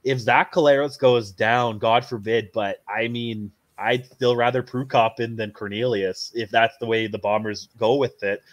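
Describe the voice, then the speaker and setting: A man's voice: medium pitch, steady tone, normal speed, hardly any pauses. A man on a sports podcast who often stammers at the start and asks the others questions. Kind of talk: casual sports chat.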